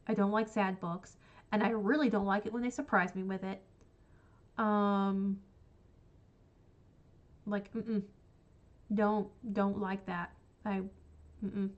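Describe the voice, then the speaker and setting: A woman's voice: mid-range voice, highs cut off. A woman casually ranking books she has read on a stream, rambling with many fillers. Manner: rambling, frequent ums and likes. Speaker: book streamer. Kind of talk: casual book ranking chat.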